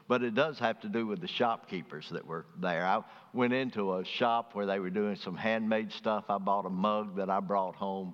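A man with a Southern drawl preaches in a relaxed, storytelling way, climbing high and loud to make a point before dropping quiet. His voice carries long reverb through a large hall. The recording sounds dull and muffled. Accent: Southern US (Alabama). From Birmingham, Alabama. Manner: folksy storytelling, rising loud and high for emphasis then dropping soft. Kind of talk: sermon.

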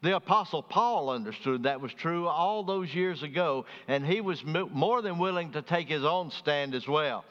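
Folksy Southern preacher in a reverberant hall. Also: male voice, animated, moderate pace, hardly any pauses. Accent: Southern US (Alabama). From Birmingham, Alabama. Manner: folksy storytelling, rising loud and high for emphasis then dropping soft. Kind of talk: sermon. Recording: dull sound with long reverb.

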